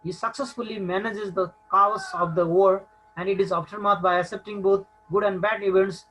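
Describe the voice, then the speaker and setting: A man's voice: sits high, fairly even intonation, moderate pace, a bit bright, a little hiss or hum, poor audio. A man with a Nepali accent teaching a recorded English lesson, hesitant and full of filler sounds.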